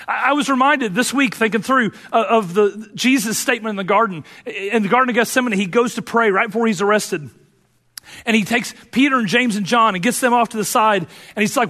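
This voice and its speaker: An earnest male pastor delivering a sermon in a church sanctuary, his voice sitting a bit high for a man. He moves between fervent urging and quiet, personal confession. A long hall reverb trails each phrase. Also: moderate pace.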